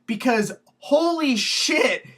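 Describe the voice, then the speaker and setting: A woman's voice: high voice, animated, slow pace, fairly bright tone. Scornful female commentator, blunt and direct. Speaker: video commentator.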